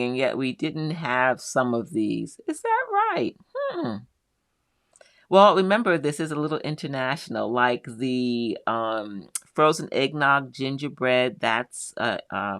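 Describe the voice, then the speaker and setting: A woman's voice: extremely low pitch, lively intonation, moderate pace, hardly any pauses, no echo, clean studio sound. Chatty woman hosting a live quilting stream. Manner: chatty, reads out viewer names and answers warmly. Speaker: host of a live quilting show. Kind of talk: casual live-stream chat reading viewer comments.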